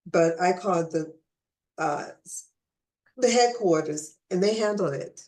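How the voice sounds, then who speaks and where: A woman's voice: fairly low pitch, measured pace, darkish tone. A woman hosting a casual conversational interview, chatty and restarting her phrases, with the hiccups. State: has the hiccups.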